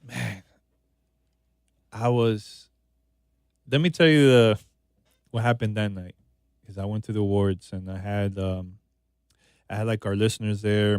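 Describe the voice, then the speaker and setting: A man's voice: fairly low pitch, a little mellow, dry recording, studio quality. A man guest on a podcast interview, talking in a laid-back, conversational way and often saying "man" and "you know". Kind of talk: casual interview chat.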